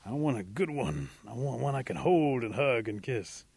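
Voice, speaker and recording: A man's voice: medium pitch, animated, normal speed, gravelly, a little mellow, breathy edge, no echo. A man voicing a grumbling, demanding male possum in a told folk tale, whiny and complaining.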